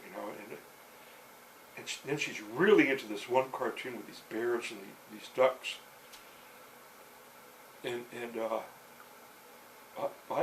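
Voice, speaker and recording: A man's voice: medium pitch, slight background noise, low-quality recording. Rambling older man telling a story. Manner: halting, many fillers and restarts.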